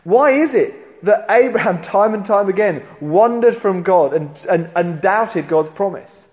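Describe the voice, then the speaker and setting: A man preaching a sermon, telling the story in an animated way and acting out the voices of the people in it. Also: high-pitched, a little slow. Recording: long hall reverb.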